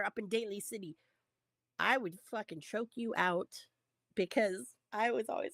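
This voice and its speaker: Animated swearing woman telling stories. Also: mid-range voice, moderate pace, no echo. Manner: animated, swears freely, acts out quotes. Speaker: podcast co-host. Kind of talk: casual storytelling with profanity.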